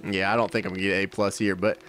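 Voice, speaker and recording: A man's voice: sits low, little pitch movement, fast talker, music in the background. A man giving loose let's-play commentary, trash-talking and cursing at the characters in a video game. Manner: brash profane trash talk at game characters. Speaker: gaming YouTuber.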